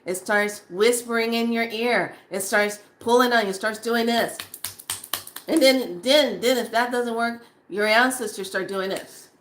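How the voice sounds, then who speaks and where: Bright-voiced woman giving a spiritual talk. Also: on the high side, measured pace, a little hiss or hum. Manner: animated, acts out her own past lines with laughs. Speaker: spiritual speaker. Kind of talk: casual spiritual monologue to camera.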